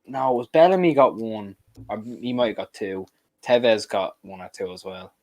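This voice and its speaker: A man's voice: lowish voice, normal speed, darkish tone, dry recording. A young man with a Dublin accent co-hosting a football watch-along, rambling and swearing freely as he reminisces. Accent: Dublin Irish. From Dublin, Ireland. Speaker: co-host.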